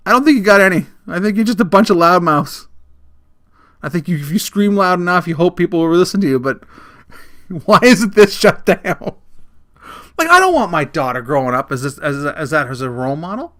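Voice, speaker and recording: A middle-aged man hosts his own comedic rant podcast, blunt and heavy on profanity. His voice sits high for a man, and he often laughs at his own jokes. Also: expressive, normal speed, sharp tone. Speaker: podcast host.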